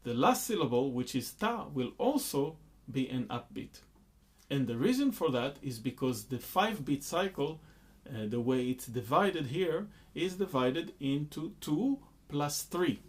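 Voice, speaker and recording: A man's voice: on the high side, expressive, measured pace. A man teaching a rhythm lesson, patiently explaining beats and counting rhythm syllables aloud. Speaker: music teacher.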